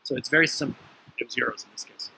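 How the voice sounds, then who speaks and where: A man telling stories in a motivational talk about the mind, emphatic, with sudden lively jumps in pitch. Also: fast talker, gravelly, noisy background. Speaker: spiritual teacher.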